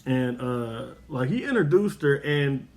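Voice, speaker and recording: Animated Bay man spinning a yarn. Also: medium pitch, a little slow. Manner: animated, profane slang, frequent "right?" asides. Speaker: podcast host telling a story. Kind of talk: casual storytelling chat.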